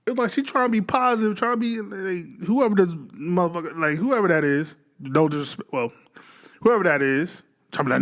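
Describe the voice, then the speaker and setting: A man's voice: high voice, animated, brisk. A man giving casual, slangy reaction commentary, swearing often and sounding incredulous. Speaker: reaction streamer.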